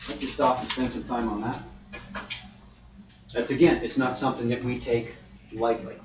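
A male preacher giving a sermon, animated and conversational, swinging from loud to quiet. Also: medium pitch, moderate pace. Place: church hall. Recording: dull, roomy, distant church hall.

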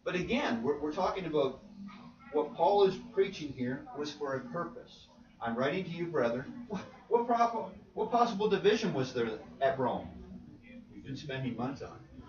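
A man's voice: a little high, sing-song, normal speed, darkish tone. A man preaching to a church class, asking questions and repeating points for emphasis. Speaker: preacher leading a Bible class. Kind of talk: interactive Bible teaching. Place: church meeting room. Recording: roomy, distant, dull sound.

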